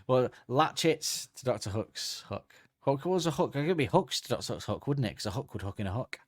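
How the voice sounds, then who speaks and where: A man's voice: medium pitch, expressive, brisk, no echo. A man chatting on a comedy podcast, joking and riffing, tossing in goofy voices now and then. His voice sits in an ordinary middle register. The sound is dry and close, with no room around it. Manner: joking, slips into silly put-on voices. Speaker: podcast co-host. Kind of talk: casual comedic chat.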